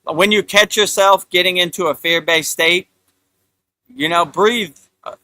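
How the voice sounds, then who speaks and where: A man's voice: high voice, measured pace, bright, forceful tone, no room sound. A man hosting a live spiritual talk, rambling in a loose, repetitive way, often saying "you know" and mocking others with put-on voices. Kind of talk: casual live-stream monologue.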